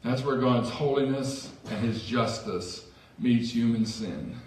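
A man's voice: medium pitch, slow, distant mic, a little hiss or hum. A man preaching a sermon as pastor in a church, conversational with self-deprecating asides. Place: church sanctuary. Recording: echoey church hall from afar.

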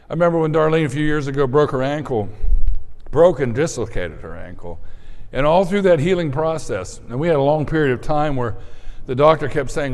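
A man's voice: on the high side, expressive, moderate pace, in a large hall. A man preaching a sermon as pastor, talking in a loose, conversational way with lots of fillers and restarts.

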